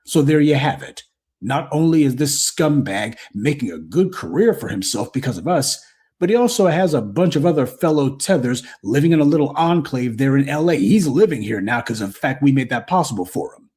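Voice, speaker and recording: A man's voice: medium pitch, expressive, a little fast, darkish tone, husky. A man with a Southern American accent, hosting a commentary show and delivering an indignant, scornful monologue. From United States.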